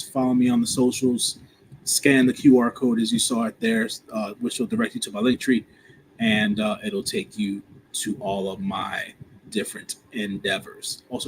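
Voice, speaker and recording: A man's voice: mid-range voice, low-quality recording. A man hosting a podcast talks through his social media plugs in an easygoing, meandering manner, dotted with "uh" fillers. His voice sits in a middle range, with a faint bit of noise behind him. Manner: relaxed, rambling, frequent "uh" fillers. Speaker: podcast host and movie reviewer. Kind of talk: casual self-promotion.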